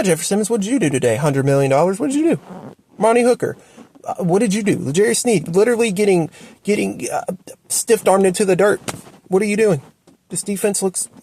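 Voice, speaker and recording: A man ranting at home about his football team, exasperated and repeating himself. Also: slight background noise. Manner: exasperated, repetitive ranting with sharp swings up and down in pitch. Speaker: sports fan commentator. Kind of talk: ranting sports opinion video.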